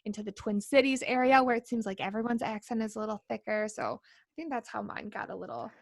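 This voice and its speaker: A woman with a Minnesota accent chats casually on a podcast, her voice a little high and full of vocal fry. She talks loosely, with plenty of fillers and laughs. The sound is dry and close. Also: fast, dry recording. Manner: chatty, laughs often, lots of fillers. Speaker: podcast co-host. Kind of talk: casual chat.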